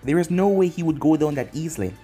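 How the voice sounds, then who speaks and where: A man's voice: fairly high pitch, expressive, quick pace, mellow, breathy edge, faint music behind. A man voicing a wary young male ninja in a read-aloud fan story, sounding guarded.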